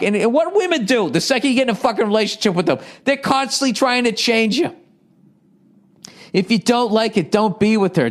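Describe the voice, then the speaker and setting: A man in his forties from the United States talks through a casual comedy podcast. His voice sits a little high for a man. He rambles, swears and sounds exasperated as he riffs. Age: 40s. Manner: rambling, profane and exasperated, riffing off forum posts. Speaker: podcast host.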